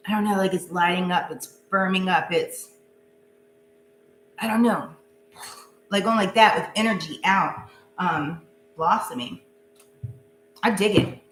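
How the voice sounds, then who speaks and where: A woman's voice: medium pitch, fairly bright tone. A woman giving a casual live tarot reading, chatty and goofy, laughing often. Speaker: tarot reader. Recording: echoey room with faint hum.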